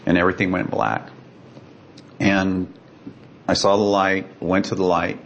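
A man's voice: sits low, level tone, unhurried, gravelly, dull audio, a little hiss or hum. A man from the United States, a guest earnestly and dramatically retelling a personal story, acting out the voices of the people in it.

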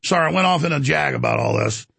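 A man hosting a talk show, ranting in a rambling, animated, indignant monologue. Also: fairly high pitch, quick pace, gravelly, dry recording.

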